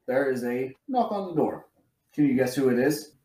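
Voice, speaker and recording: A man's voice: medium pitch, normal speed, echoey room. A man co-hosting a podcast who chats casually and profanely. He retells scenes with energy and jumps into quoted voices. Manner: animated storyteller, acts out quotes in a raised voice. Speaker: podcast co-host.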